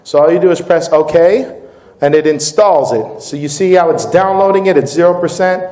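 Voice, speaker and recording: A man presenting as company CEO at a distributor meeting, slightly higher-pitched than most men. He talks informally and with energy, walking the crowd through a demo and then a pitch. The sound carries the echo of a reverberant meeting room. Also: moderate pace, warm tone. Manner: upbeat, informal, keeps addressing the crowd as "guys". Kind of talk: live product demo and sales pitch. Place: meeting room with live audience.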